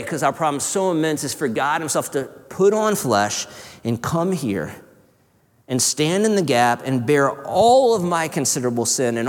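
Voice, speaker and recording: A man preaching a sermon in an earnest, conversational way, sometimes dropping to a hush. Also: a little high, expressive, normal speed. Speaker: pastor. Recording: reverberant hall.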